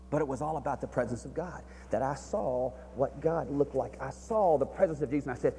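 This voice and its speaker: A man preaching a sermon with passion, swinging between hushed, quiet passages and near-shouted, fervent ones. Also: medium pitch, brisk, few pauses, slightly rough, in a large hall.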